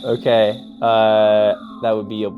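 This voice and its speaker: A man's voice: lowish voice, completely flat delivery, a little slow, narrow, tinny audio. A man playing a tabletop game, talking hesitantly as he thinks his moves through aloud. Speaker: player. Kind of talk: casual tabletop game chat.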